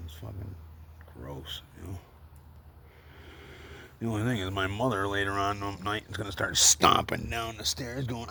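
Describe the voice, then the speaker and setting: Gravelly forty-year-old man rambling. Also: on the low side, bright, forceful tone, a little hiss or hum. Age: 40s. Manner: rambling, heavy swearing, many fillers, emotional. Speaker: vlogger. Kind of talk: rambling confessional monologue to camera. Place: at home, indoors.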